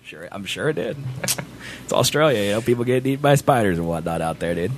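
A man's voice: on the low side, lively intonation, fast talker, a little hiss or hum. A man from Kansas chatting casually as a podcast co-host, rambling and laughing often. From Kansas, USA. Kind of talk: casual chat.

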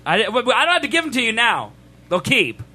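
A man's voice: very high-pitched, big pitch swings, quick pace, pushed and bright, slightly rough. A man co-hosting a livestream in casual banter, playful and laughing often as he talks to chat. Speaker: stream co-host.

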